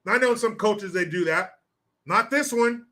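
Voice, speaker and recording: A man's voice: high-pitched, normal speed, pushed and bright. A man from the United States hosting a ranting political commentary show, combative and sarcastic, with frequent profanity, reading viewer comments aloud.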